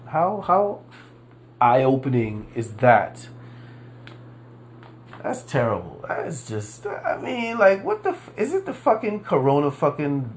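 This solo podcast host has a fairly high voice with big pitch swings, recorded with a little hiss or hum. His casual rant is profane and rambling, full of repetition and fillers, with drawn-out emphasis that conveys disbelief.

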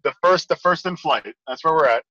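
Bright-voiced man telling rambling stories. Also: on the high side, brisk, highs cut off. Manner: rambling, laughing storyteller. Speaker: podcast guest. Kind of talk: casual chat.

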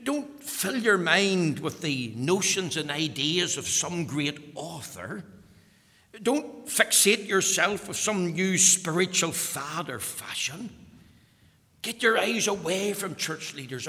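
A man preaching a sermon, emphatic and repetitive, his voice swelling to loud peaks and falling back. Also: fairly high pitch, animated, slow pace. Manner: emphatic, repeating phrases, rising to loud peaks. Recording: long hall reverb.

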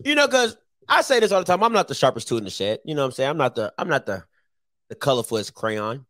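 A male radio host taking calls, jokey and animated. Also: medium pitch, quick pace, no echo, clean studio sound. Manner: jokey, animated, laughs easily. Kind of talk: call-in radio talk.

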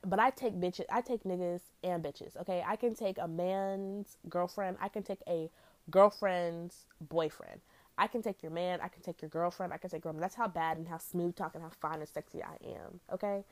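A young woman hosting a podcast, telling a story in a brash, profane, animated way with big swings in pitch. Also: no room sound. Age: young adult. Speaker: podcast host. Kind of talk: casual storytelling monologue.

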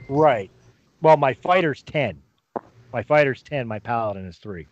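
A man's voice: mid-range voice, lively intonation, a little slow, muffled recording, a little hiss or hum. A man playing a tabletop role-playing game who jokes and laughs often. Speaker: player. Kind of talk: tabletop role-play chat.

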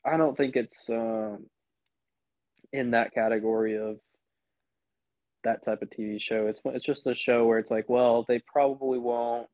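A man's voice: medium pitch, fairly even intonation, a little slow, pauses often, dry recording. A young man co-hosts a podcast in a loose, rambling way, circling back as he talks. His voice sits in an ordinary middle range. The recording is dry and a little dull, like a basic home podcast mic. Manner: rambling, retells scenes with quoted voices. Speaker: podcast co-host. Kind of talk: casual chat.

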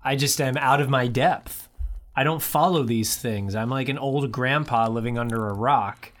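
A man's voice: medium pitch, moderate pace, a bit bright. A man co-hosting a podcast in casual, self-deprecating chat, laughing often. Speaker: podcast co-host.

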